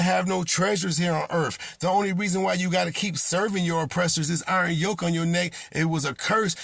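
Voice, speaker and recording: A man's voice: sits high, vocal fry, fairly bright tone, slightly rough, no echo, studio quality. A man preaching an impassioned sermon as a self-styled prophet, scolding and confronting his listeners with repeated rebukes.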